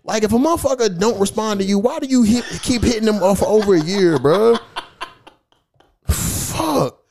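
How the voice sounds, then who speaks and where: Animated profane man telling a story. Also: sits high, moderate pace, background noise. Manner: profane storytelling, reads text messages aloud; animated, mocking. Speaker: podcast host. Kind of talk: casual podcast chat.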